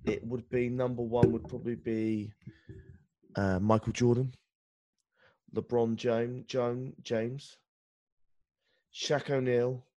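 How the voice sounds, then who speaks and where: A man's voice: medium pitch, flat delivery, slow pace, pauses often, dark tone, dull audio. A man with an English accent co-hosting a podcast, chatting casually, hesitant and self-deprecating. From England. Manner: hesitant, lots of ums and uhs, self-deprecating. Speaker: podcast co-host.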